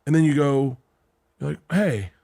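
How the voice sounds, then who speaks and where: A man hosting a podcast, telling animated stories with plenty of swearing and acted-out quotes. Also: fairly high pitch, measured pace, gravelly. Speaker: podcast host. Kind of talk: casual podcast chat.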